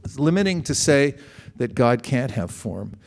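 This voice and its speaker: A man's voice: medium pitch, sing-song, a little slow, creaky. A middle-aged man giving a conversational sermon, asking the audience questions and acting out quoted exchanges. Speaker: spiritual teacher.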